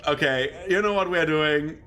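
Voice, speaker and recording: A man's voice: on the high side, normal speed, clean tone, soft background music. A young man with a German accent, rambling casually and laughing while commenting on his gameplay. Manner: rambling, laughs often, excitable bursts. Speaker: gaming streamer.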